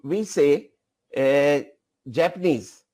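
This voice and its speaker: A man leads a software training session, directing an assistant and repeating his phrases as he goes. He speaks slowly with a fairly high but mellow tone. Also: lively intonation. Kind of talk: live software demonstration.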